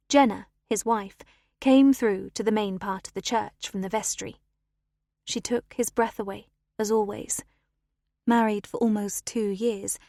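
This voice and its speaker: Woman, audiobook narration, calm and measured, middle pitch, close mic, dry sound. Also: dry recording.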